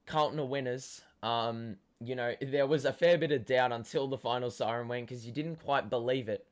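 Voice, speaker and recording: Hoarse young Australian man talking footy. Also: medium pitch, moderate pace. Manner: excitable fan talk with many ums. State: hoarse from cheering. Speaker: fan show host. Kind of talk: casual match review.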